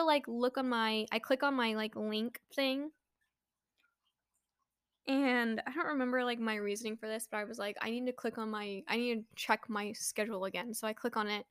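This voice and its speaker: A woman's voice: fairly high pitch, no echo, studio quality. Chatty young woman telling a story. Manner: chatty, animated, lots of fillers, rising to anxious exclamations. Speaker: vlogger. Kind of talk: casual storytime to camera.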